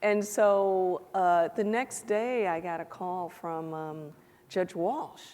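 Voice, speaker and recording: A middle-aged woman, a guest on a stage interview before a live audience, telling an animated anecdote and acting out the dialogue. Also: lowish voice, slow. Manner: animated anecdotal storytelling, acts out quoted dialogue. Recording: echoey hall.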